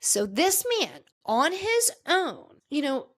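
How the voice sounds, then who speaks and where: Choked-up woman podcast host, fairly high voice. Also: big pitch swings, fairly bright tone. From Washington, D.C. area. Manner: emotional, choked up, halting. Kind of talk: casual podcast commentary.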